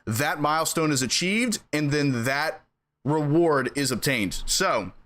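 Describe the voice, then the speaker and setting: Upbeat streamer guy, pitch bouncing all over, bit of a higher voice, chats with his viewers, faint music in the back. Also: unhurried. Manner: animated, chatty, laughs between sentences. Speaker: game streamer. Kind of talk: casual live-stream chat with viewers.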